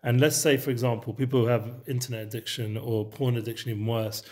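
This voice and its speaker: A man's voice: medium pitch, flat delivery, quick pace, a little mellow. Guy teaching torah casually, loose rambling explanations, hebrew terms sprinkled in. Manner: mixes Hebrew terms into English, loose and conversational. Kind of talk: casual Torah study session.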